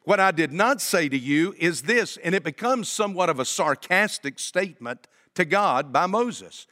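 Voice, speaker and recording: A man's voice: high voice, animated, normal speed, bright, forceful tone. A man preaching a sermon as pastor, talking to the congregation in a conversational way and asking rhetorical questions. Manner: addresses congregation directly.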